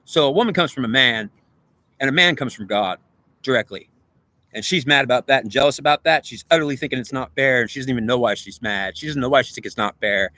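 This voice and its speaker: In a rambling spiritual monologue, a fast-talking man with a pushed, bright mid-range voice keeps repeating himself and asking the listener "do you understand." He often restarts and stammers, and the low-quality recording has no room sound.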